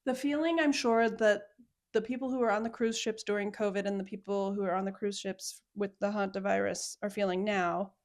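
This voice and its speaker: A woman co-hosting a casual comedy podcast, chatty and quick to laugh, drifting into drawn-out asides. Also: mid-range voice, fairly even intonation. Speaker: podcast co-host. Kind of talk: casual chat.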